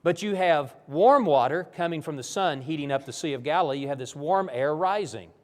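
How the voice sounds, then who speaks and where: A man's voice: fairly high pitch, brisk, in a large hall. A man preaching a Bible lesson in a church, telling the stories vividly. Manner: animated, vivid storytelling. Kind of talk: sermon-style Bible lesson.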